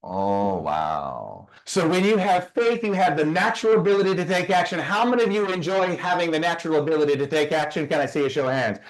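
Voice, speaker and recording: A man's voice: on the high side, lively intonation, quick pace, few pauses. A man teaching a motivational session, emphatic, firing rhetorical questions and asking listeners to type their answers. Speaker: personal growth speaker.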